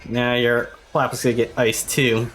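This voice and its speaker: A man's voice: mid-range voice, little pitch movement, normal speed, a bit bright. A male streamer reading in-game dialogue aloud during play, hammy and theatrical, often laughing at the characters. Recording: faint game music behind.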